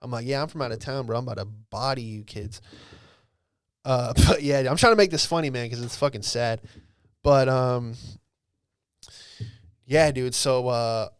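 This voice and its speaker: Young male podcast host, smooth clear voice, dry close mic, swears and rambles. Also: medium pitch, moderate pace, pauses often, dry recording. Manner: profane, rambling, lots of "bro" and "dude". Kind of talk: casual storytelling monologue.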